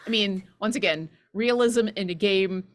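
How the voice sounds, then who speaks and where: A woman's voice: mid-range voice, normal speed. A woman co-hosting a live painting stream, chatty and enthusiastic, rambling and asking questions. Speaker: co-host learning to paint. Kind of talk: casual chat on a live stream.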